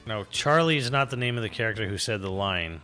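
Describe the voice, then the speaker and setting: Bright-voiced man rambling through a story. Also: lowish voice, fast, faint music behind. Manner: rambling, animated storyteller with frequent restarts and swearing. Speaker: co-host of a gaming stream. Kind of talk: casual chat on a live stream.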